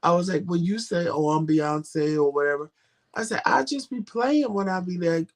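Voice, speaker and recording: A man's voice: high voice, moderate pace. A man co-hosting a casual couple's chat show, talking directly and animatedly, acting out quoted back-and-forth dialogue. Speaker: co-host.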